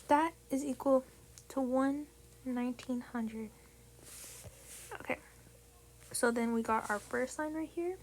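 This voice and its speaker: A woman's voice: sits high, a little hiss or hum. A young woman tutoring math casually, chatty and profane, often dropping to a whisper while she works out numbers. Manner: chatty, swears, slips into whispers while calculating. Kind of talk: casual tutorial over a tablet screen.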